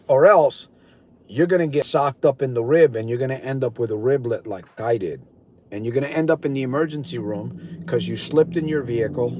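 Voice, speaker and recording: A man's voice: medium pitch, darkish tone, a little hiss or hum. An older man coaching listeners on a live stream, talking in an earnest, repetitive, preaching way. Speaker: recovery coach. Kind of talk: motivational live-stream talk. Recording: dull lo-fi live-stream audio.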